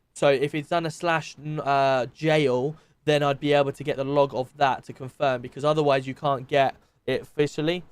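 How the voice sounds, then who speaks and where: A man's voice: on the high side, clear, resonant tone, no echo. A man with a British accent casually commenting on game footage for his stream chat, thinking aloud with plenty of ums and restarts.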